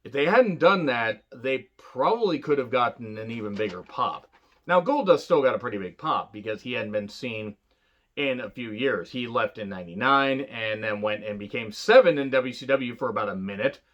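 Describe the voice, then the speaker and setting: A man's voice: mid-range voice, expressive, moderate pace, fairly bright tone, dull audio. A man giving a casual, rambling wrestling retro review, swearing freely and filling gaps with "uh" and "you know.". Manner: rambling, profane, lots of fillers and asides.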